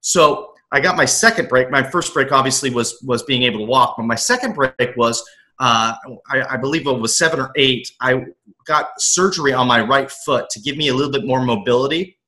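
Earnest man with a bright voice. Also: mid-range voice, brisk, poor audio. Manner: earnest storyteller who acts out his younger self. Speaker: guest, aspiring motivational coach. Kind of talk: personal story in an interview.

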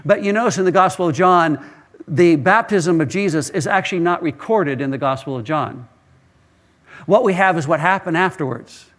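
A man's voice: fairly high pitch, moderate pace, fairly bright tone. A male pastor preaching a sermon, telling stories earnestly and often repeating words as he starts a phrase.

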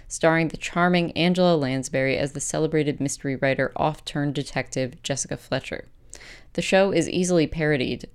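A woman podcast host reading her own essay aloud and then chatting about it, with a measured, gentle delivery. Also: low voice, smooth.

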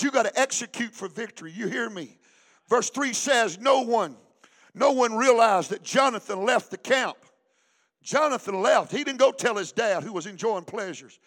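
A man pastor preaching a sermon in church, rising into shouts and a sing-song cadence and calling for the congregation to respond. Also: very high voice.

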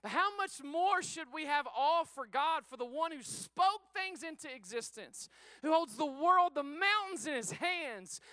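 Male pastor, high bright voice, dry close sound, energetic exhorting sermon style. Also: a little slow, no room sound. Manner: casual and joking, says he is sweating. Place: church sanctuary before a congregation.

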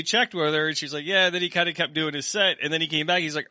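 A man co-hosting a podcast, telling profane stories in casual chat with animated quoted asides. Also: fairly high pitch, quick pace, few pauses, no room sound, studio quality. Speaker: podcast co-host.

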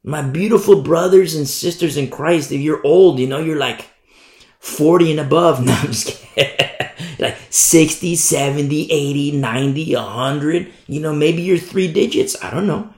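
An emphatic preacher man delivering a sermon, indignant and insistent. His voice sits on the high side and has a gravelly rasp. It echoes around the room it was recorded in. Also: normal speed, darkish tone. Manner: emphatic, indignant, repeats "you see?".

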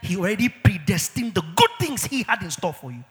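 A man preaching a sermon as pastor, emphatic, with sudden shouts and drawn-out words. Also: sits high, very animated, big-room sound, soft background music.

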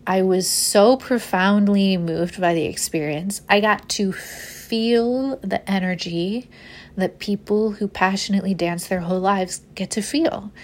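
A woman's voice: medium pitch, unhurried. A young woman, hosting a podcast and telling a personal story casually, often laughing and swearing. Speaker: podcast host.

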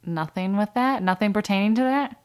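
A woman's voice: medium pitch, a little fast, smooth. A woman chatting as a guest on a casual movie podcast, laid-back and easygoing.

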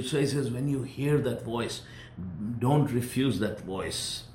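A male preacher delivering a sermon, fervent, swinging between emphatic peaks and quiet, grave warnings. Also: medium pitch, moderate pace, roomy sound.

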